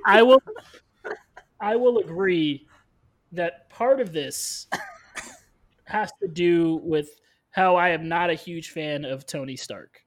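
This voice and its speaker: High-voiced man arguing his opinion. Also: slow, pauses often. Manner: contrarian, argumentative. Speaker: podcast co-host. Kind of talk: casual film discussion.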